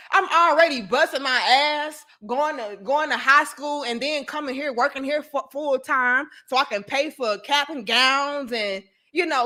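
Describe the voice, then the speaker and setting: A woman telling a personal story to her viewers in casual chat, animated and profane, talking straight to the audience. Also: high voice. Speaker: vlogger.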